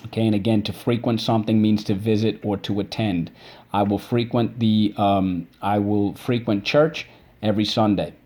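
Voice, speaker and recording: A man's voice: lowish voice, steady tone, warm tone. A man teaching a vocabulary and spelling lesson. He breaks words into syllables and checks in with "okay?" after each point. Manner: drawn-out syllable drills.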